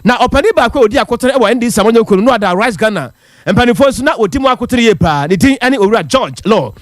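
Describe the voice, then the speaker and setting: Fast, high-voiced male radio newsreader. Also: expressive, no echo, clean studio sound. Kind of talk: radio news reading.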